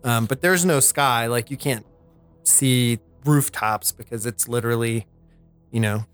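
A man narrates a tabletop game as its game master. He rambles loosely, leaning on fillers as he sets the scene. His voice sits at an ordinary middle pitch. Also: a little slow, fairly bright tone, clean tone, faint music behind. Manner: rambling, lots of "like" and "you know".

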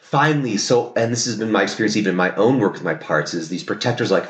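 A man's voice: on the low side, lively intonation, quick pace, hardly any pauses, slight background noise. A male therapist, a podcast guest, talking reflectively and explaining, often checking in with "right?". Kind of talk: podcast conversation. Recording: roomy echo.

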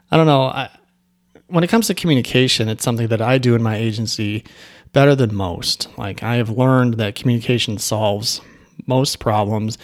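A man who owns an agency, telling a story in a casual, rambling way with asides and restarts. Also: mid-range voice. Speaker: agency owner.

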